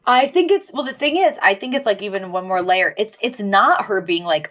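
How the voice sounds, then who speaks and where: A woman's voice: mid-range voice, lively intonation, normal speed, fairly bright tone. A woman podcast co-host giving a casual, rambling episode recap with lots of fillers. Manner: rambling storytelling with many fillers.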